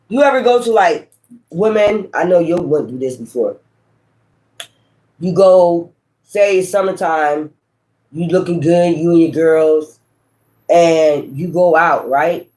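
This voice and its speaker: A man with a high voice gives a loose, profane spiritual reading. He speaks straight to his viewers with emphasis and keeps tossing in "right?" and "okay?" as he goes. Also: slow pace, long pauses, darkish tone. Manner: frequent rhetorical tag questions. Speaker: tarot reader.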